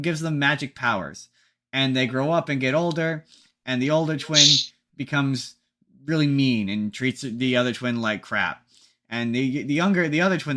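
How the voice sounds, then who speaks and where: A man's voice: medium pitch, sharp tone. A man co-hosting a podcast, retelling a movie in casual chat, rambling and restarting often. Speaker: podcast co-host.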